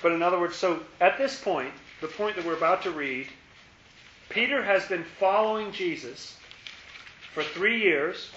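A man's voice: high voice, measured pace, sharp tone, slight background noise. A man leading a Bible study in a conversational way, repeating words and asking his listeners questions. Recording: echoey room, muffled lo-fi sound.

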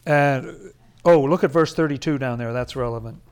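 A man's voice: medium pitch, normal speed, smooth. A man leading a Bible study, commenting on scripture in a casual, chatty way with frequent chuckles and emphatic asides.

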